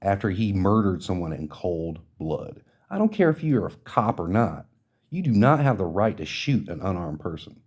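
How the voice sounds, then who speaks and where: Indignant man ranting, low mellow voice. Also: sing-song, moderate pace, breathy edge. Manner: indignant, profane, emphatic. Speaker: podcast host. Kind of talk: ranting social commentary.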